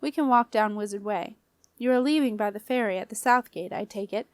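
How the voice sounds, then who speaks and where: A woman's voice: medium pitch, a little fast, no room sound, lightly acted. A woman voicing an imperious woman wizard who speaks sharply and icily. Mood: icy. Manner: icy, sharp, impatient.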